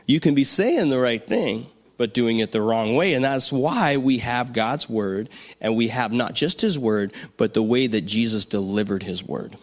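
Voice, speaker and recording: A man preaching a sermon as pastor, animated and often asking the congregation for responses. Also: medium pitch, moderate pace, few pauses.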